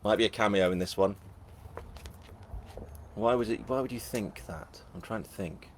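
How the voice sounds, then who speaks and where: Reading out viewer comments on a live stream of his book launch, a middle-aged man with a Northern English accent keeps it casual, jokey, and self-deprecating. His pitch is fairly low, his pace moderate, with slight background noise.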